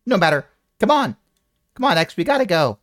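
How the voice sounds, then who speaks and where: A game master voicing an eager, hurried little kobold who chatters on. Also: mid-range voice, big pitch swings, a bit bright, no echo, clean studio sound, pitched above the performer's own voice.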